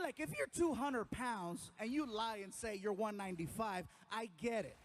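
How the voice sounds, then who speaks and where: A man telling a long comic story on stage, animated and acting out the people in it. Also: very high voice, moderate pace, hardly any pauses, slight background noise. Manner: animated, acts out other people's voices. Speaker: stand-up comedian. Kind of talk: stand-up comedy storytelling.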